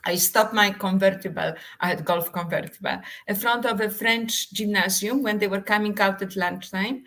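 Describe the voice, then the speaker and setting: A woman's voice: mid-range voice, moderate pace, hardly any pauses, fairly bright tone, a little hiss or hum, poor audio. A woman, an author and actress, telling an anecdote dramatically in a live interview, in slightly non-native English. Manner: dramatic storyteller, emphatic and theatrical.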